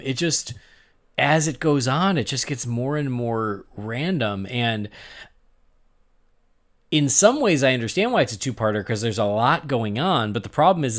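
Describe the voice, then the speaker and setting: A male podcast host chatting casually about an episode, animated and prone to laughing. He acts out his own reactions as he goes, his voice climbing and dropping across a wide range. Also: medium pitch. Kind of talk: casual chat.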